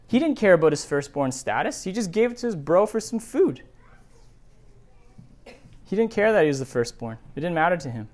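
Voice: medium pitch, big pitch swings, moderate pace, long pauses, darkish tone. A pastor preaching a sermon, reading scripture and stressing each word, with rhetorical questions and lists. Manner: emphatic, builds lists of words, asks rhetorical questions.

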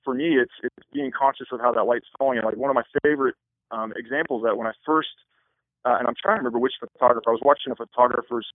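A man who works as a wedding photographer, answering interview questions in a fast, rambling way with many restarts. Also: mid-range voice, steady tone, no room sound. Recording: tinny phone line.

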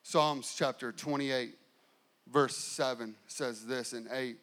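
A middle-aged male pastor delivering a sermon, building intensity through repeated phrases and slowing down for emphasis. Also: medium pitch, fairly even intonation, fairly bright tone. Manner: preaching with rising and falling intensity, repetitive emphasis.

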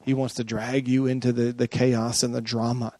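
A man's voice: mid-range voice, level tone, normal speed, a little mellow, dry recording. A man preaching a sermon as a pastor, chatty and often checking in with his listeners. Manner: conversational, often checks in with the audience.

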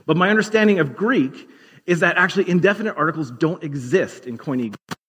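A man preaching a sermon as pastor, explaining scripture in a conversational teaching manner and slowing down to stress key words. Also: a little high, animated, a bit bright, breathy edge. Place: church sanctuary. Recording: long hall reverb.

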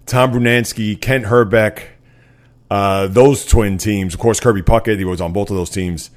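A man hosting a sports podcast, talking casually and at length with lots of fillers. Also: lowish voice. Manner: rambling, filler-heavy, frequent "uh". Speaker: podcast host.

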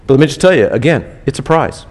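A man's voice: medium pitch, lively intonation, fast, a little mellow. A man preaching a sermon in a casual, conversational way, repeating key phrases for emphasis. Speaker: pastor. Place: church.

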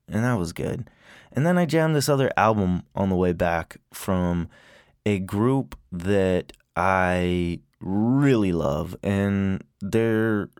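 A man's voice: on the low side, no echo. Swearing man ranting in a closet studio. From lives in Portland. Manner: profane, ranting, wandering off on tangents. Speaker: podcast host. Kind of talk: casual rambling monologue. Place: small closet home studio.

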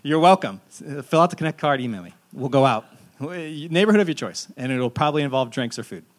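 A man in his thirties, a pastor preaching a sermon in a relaxed, conversational and self-deprecating storytelling way. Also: medium pitch, fast.

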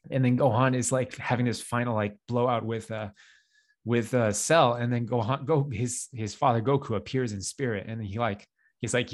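This podcast co-host is a young man with a mid-range voice, fairly even intonation, and normal speed. He chats casually and rambles, leaning on lots of fillers, little laughs, and self-deprecating remarks.

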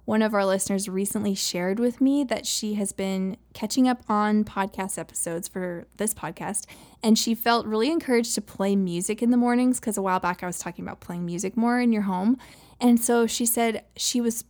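A woman hosting a parenting podcast in casual chat, encouraging and quick to laugh. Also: mid-range voice. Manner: warm, encouraging, laughs often. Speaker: podcast host.

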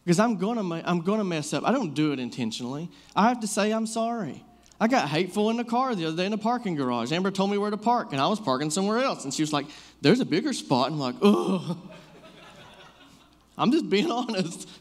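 A man in his thirties with a high, expressive voice speaks quickly through a casual sermon. He's a storyteller, sharing personal anecdotes in a loose way heavy with fillers like "like."

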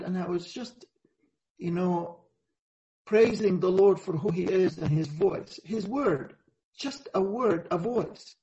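Male preacher, high-pitched, earnest and halting, dull lo-fi video-call sound. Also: dark tone. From Egypt. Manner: earnest, reflective, halting with frequent pauses. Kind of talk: sermon over a video call.

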